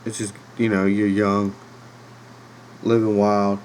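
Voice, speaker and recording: This podcast host, a man in his thirties with a Virginia accent, has a lowish, slightly mellow voice with little pitch movement and a slow pace. He tells a casual, rambling story loaded with fillers and laughs. The low-quality recording, from a home room with a dog nearby, carries a little hiss or hum.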